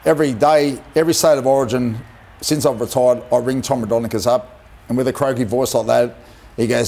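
A man's voice: mid-range voice, fairly even intonation, a little fast, gravelly, darkish tone. A middle-aged Australian man, a former player, spinning emotional, colloquial yarns as a guest on a sports panel. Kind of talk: TV panel anecdote.

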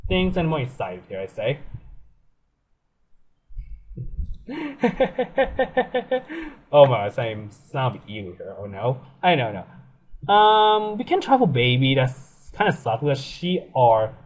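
A young man giving casual, excitable commentary on a life-sim game, laughing often and swearing freely. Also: medium pitch, unhurried. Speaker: let's play gamer.

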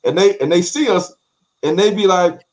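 A man with an African American English accent, a guest in an interview, telling stories in an animated way, repeating phrases and acting out quotes. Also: high voice, moderate pace. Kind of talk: animated conversational storytelling.

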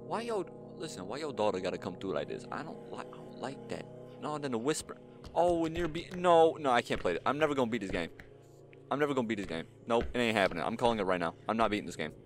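A man's voice: medium pitch, big pitch swings, quick pace. A man doing horror game commentary, jumpy and panicky, pleading with and talking back to the monster chasing him. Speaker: gaming channel host. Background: game music.

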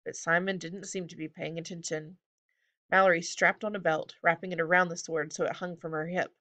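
A woman narrates a children's fantasy book in a steady, even manner. Her voice sits a little low but sounds bright and crisp. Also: brisk. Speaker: audiobook reader. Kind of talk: storybook narration.

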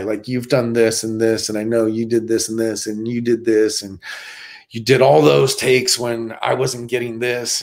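Animated middle-aged stuntman telling stories. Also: mid-range voice. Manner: animated storyteller with many restarts. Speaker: stuntman guest. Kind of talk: casual interview storytelling.

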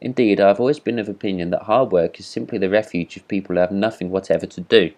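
A man's voice: deep voice, brisk, darkish tone. A man voicing a vain, boastful firework rocket in a storybook reading, speaking in a haughty, self-important manner. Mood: disdainful.

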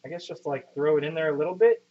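Fast and fairly high-pitched, a thirty-something man chats with viewers on a casual live stream from his home kitchen. He rambles, swears, and pokes fun at himself, all through muffled lo-fi audio.

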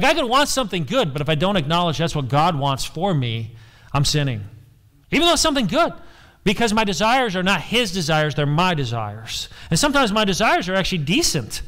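Emphatic pastor preaching, fairly high voice. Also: male voice, fairly bright tone. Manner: emphatic, repeats key phrases, asks the congregation questions. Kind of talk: sermon.

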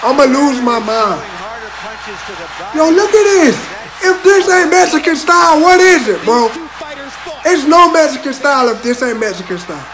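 A man hosting a reaction video, exclaiming and shouting along with a boxing fight in a slangy, casual way. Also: extremely high pitch, normal speed, long pauses, poor audio. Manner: excitable, exclaiming and shouting at the action; slangy, peppers lines with "bro". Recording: arena crowd noise from the played fight behind.

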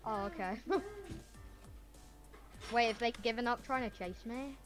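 A woman's voice: a little high, a little slow, faint music behind. A woman chatting casually while co-playing a video game, giggly and given to panicked squeals. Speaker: gamer co-playing a prison game. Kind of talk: casual gaming chat.

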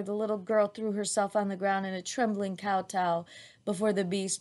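A woman's voice: medium pitch, flat delivery, moderate pace, a little mellow. A woman reading a children's adventure chapter aloud as narrator, with an occasional restart.

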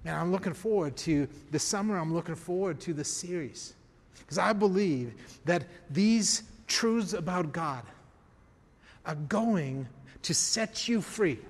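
A man preaching a sermon as pastor, emphatic, swinging from quiet to raised. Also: high-pitched, expressive, unhurried, in a large hall. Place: church.

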